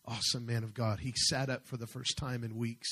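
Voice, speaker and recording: A man preaching a sermon as pastor, fervent, slowing and swelling as he reads scripture. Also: mid-range voice, little pitch movement, sharp tone, husky.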